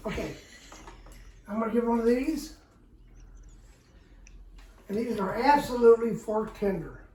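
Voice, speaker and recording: A woman's voice: a little high, lively intonation, unhurried, dark tone. A middle-aged woman hosting a backyard barbecue cooking video, with a folksy, chatty manner and a habit of repeating her words. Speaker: backyard barbecue cook and host. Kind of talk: casual cooking demonstration. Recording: roomy, distant camera mic, faint background noise.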